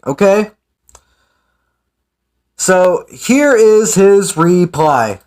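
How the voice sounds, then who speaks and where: A man's voice: sits high, animated, extremely slow, a little mellow. A man giving casual, sarcastic ranting commentary as an online commentator. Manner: sarcastic, mocking.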